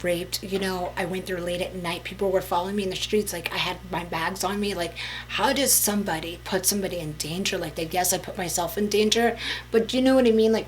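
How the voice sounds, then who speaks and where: A woman's voice: on the low side, fairly bright tone, slight background noise, poor audio. A young woman telling a story in a casual vlog, emphatic and chatty, with many fillers.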